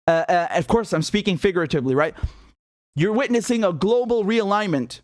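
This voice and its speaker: A young man hosting a live political commentary stream, animated and scornful, laughing often and restarting his sentences. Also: sits high, fairly quick, dry recording, clean studio sound.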